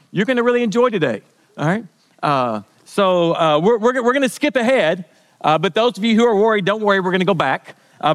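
A man's voice: high-pitched, fairly bright tone, smooth, big-room sound. A man preaching a sermon as pastor, casual and conversational, with frequent fillers and restarts.

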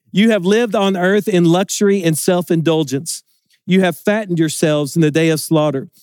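A man with a fairly high voice preaches a sermon, earnest and emphatic, with stumbling repeats as he builds a point. The sound is dry and close, with no room echo. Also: darkish tone.

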